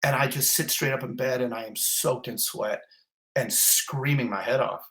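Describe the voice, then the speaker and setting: A man of middle pitch recounts his own ordeal in a vivid, blunt, intense way. He swears now and then and piles up detail after detail. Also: fairly even intonation, moderate pace, a bit bright. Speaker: fire captain. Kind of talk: intense first-person retelling.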